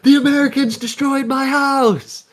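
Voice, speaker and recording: A man voicing a shrill, whiny mocking caricature. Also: fairly even intonation, measured pace.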